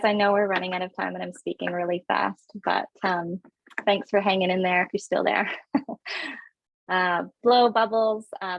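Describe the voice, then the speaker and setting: A woman in her thirties gives a parenting webinar over a computer mic, her voice carrying a gravelly, creaky edge. She rushes along with lots of fillers in a friendly, instructive tone. The sound is dry and a little dull and lo-fi. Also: mid-range voice, no echo. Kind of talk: casual webinar talk.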